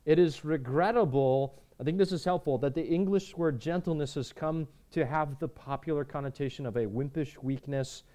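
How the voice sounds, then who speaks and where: A man's voice: a little high, normal speed, few pauses. Earnest man preaching a sermon. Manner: earnest, repeats words, shifts between emphatic and quiet. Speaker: pastor.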